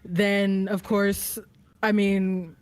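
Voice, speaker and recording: A woman who is a guest on a gaming podcast, talking in a calm, even way that her friends say sounds like radio. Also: medium pitch, extremely slow, clear, resonant tone. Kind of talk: casual podcast chat.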